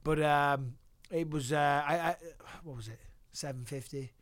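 This podcast guest from England is a profane, lively storyteller who shares anecdotes casually during the interview. He has a slightly high voice, a measured pace, and no echo.

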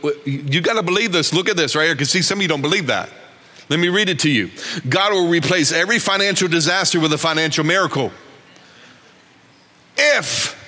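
A man preaching a sermon in a church, animated and folksy, joking about himself. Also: a little high, long reverb tail. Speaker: pastor.

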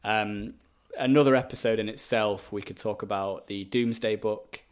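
A man's voice: on the low side, steady tone, normal speed. A man, casually co-hosting a history podcast and telling the story with lots of ums and playful asides. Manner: chatty storyteller, many ums, acts out quoted figures. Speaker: podcast co-host.

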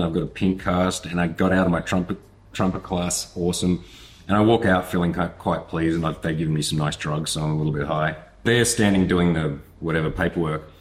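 A man teaching storytelling through a personal anecdote, animated and profane, acting out the people in it. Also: low-pitched. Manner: animated, swearing, acts out voices and moments. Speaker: storytelling coach.

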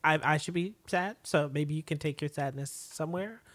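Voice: mid-range voice, normal speed, a bit bright. A podcast co-host chiming in with laid-back asides during a casual TV recap chat.

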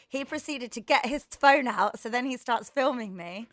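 A woman, a podcast co-host, telling a story in casual chat, animated and swearing freely. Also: on the high side, brisk, few pauses, no echo.

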